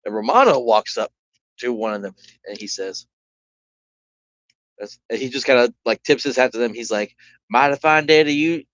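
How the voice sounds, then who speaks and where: A man's voice: mid-range voice, lively intonation, normal speed, long pauses, a bit bright, no room sound. A man running a solo tabletop game, narrating casually with rambling, self-correcting speech. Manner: rambling, full of "like" and restarts. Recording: dull lo-fi recording.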